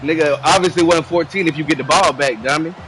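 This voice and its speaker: A man's voice: on the high side, quick pace, fairly bright tone, faint music behind, low-quality recording. A young man streaming a football video game, mocking his opponent with profane, laughing trash talk. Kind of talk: casual trash talk while gaming.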